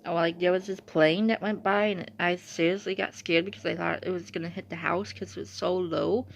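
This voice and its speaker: A woman's voice: lowish voice, steady tone, a little fast, creaky. A young woman vlogging in casual chatty storytelling, rambling and saying "like" constantly. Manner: rambling, uses "like" a lot. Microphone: phone or device screen. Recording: dull lo-fi sound.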